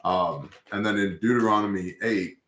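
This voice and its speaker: Host, male, lowish voice, casual and profane storyteller, roomy echo. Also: normal speed, a bit bright. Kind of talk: casual scripture discussion.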